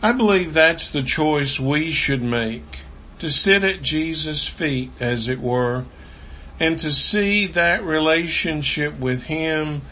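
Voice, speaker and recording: A man preaching a Sunday sermon, reading scripture in a slow, measured way. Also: fairly high pitch, bright, forceful tone, a little hiss or hum.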